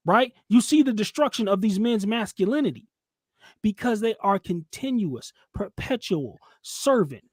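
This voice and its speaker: A man hosts a podcast, and his talking voice sits high. He preaches and lectures with heavy emphasis, and he mocks people in squeaky put-on voices. The sound is close and dry. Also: no room sound. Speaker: channel host. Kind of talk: heated commentary chat.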